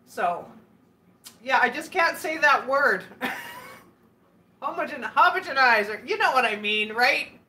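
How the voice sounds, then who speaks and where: A woman's voice: sits high, lively intonation, takes it slowly, pauses often, sharp tone. A woman hosting a casual live stream, chatting and giggling as she answers viewer comments. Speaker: livestream host.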